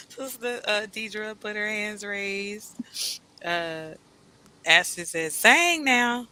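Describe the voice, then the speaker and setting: Lady hosting a live chat, super bright voice, animated, reads comments out loud and laughs a lot. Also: mid-range voice, takes it slowly, smooth, dry recording, rough recording. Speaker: host. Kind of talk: casual live-stream chat, reading comments.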